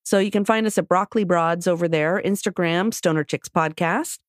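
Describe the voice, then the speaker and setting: A woman's voice: lowish voice, fairly quick, no echo, studio quality. A woman co-hosting a podcast, giving a playful, giggly outro. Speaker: podcast co-host. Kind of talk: casual outro with a put-on accent.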